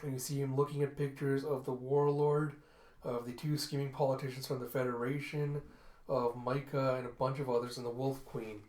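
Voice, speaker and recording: A man casually narrating a comic book readthrough, chatty and relaxed. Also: mid-range voice, normal speed. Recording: echoey room.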